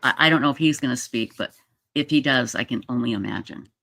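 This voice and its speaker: In a casual livestream, the host chats and reads viewer comments aloud, sounding emotional and halting and using many fillers. The voice is mid-range and gravelly with a sharp tone, and there's no echo.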